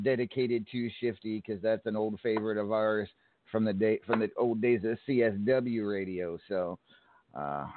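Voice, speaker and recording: A man's voice: lowish voice, dry recording. A man hosting a casual late-night radio talk show, with loose, rambling patter. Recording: phone-like narrow band.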